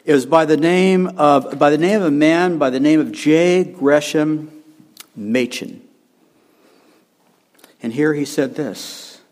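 An older man delivering a sermon in a slightly high voice. He speaks with emphasis, circles back to repeat his points and chuckles at himself when he stumbles. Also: takes it slowly, long pauses, darkish tone. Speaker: preacher.

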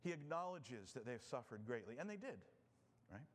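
A male preacher delivers an expository sermon in a voice of ordinary middle pitch. He talks earnestly and rhetorically, letting his voice sink quietly on key words. The sound carries a long reverb, as in a church sanctuary. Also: sing-song, moderate pace. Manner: earnest, rhetorical, drops soft for emphasis.

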